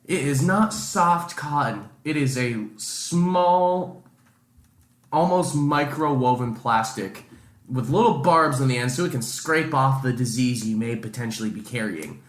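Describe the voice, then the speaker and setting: A man's voice: mid-range voice, unhurried, reverberant. A man co-hosting a podcast, telling a story in casual chat, swearing a lot and acting out the people he quotes. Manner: profane, animated storyteller doing dramatic quotes. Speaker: podcast co-host.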